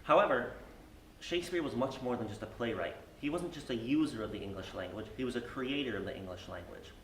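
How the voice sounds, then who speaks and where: A man narrating a school project in a steady, explanatory read-aloud manner, with the odd filler. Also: mid-range voice, a little fast, a little hiss or hum. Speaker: student presenter. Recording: roomy, distant mic with faint music.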